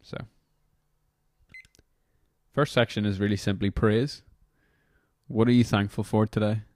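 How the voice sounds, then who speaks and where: A young man with a very low, deep voice hosts a devotional podcast. He talks in a loose, rambling way, apologizing for his tangents as he leads into guided prayer. The sound is dry and close-miked. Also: level tone, a little slow, a little mellow, no room sound. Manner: casual, rambling, apologetic asides. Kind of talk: reflective podcast talk leading guided prayer.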